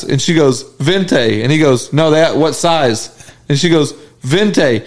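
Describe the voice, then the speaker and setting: A man, chatting casually on a podcast. He tells stories with lots of laughter and often jumps up in pitch to act out what people said. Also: animated, unhurried. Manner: laughs often while telling funny stories, acts out quotes in a higher voice. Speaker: podcast co-host. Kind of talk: casual chat, storytelling.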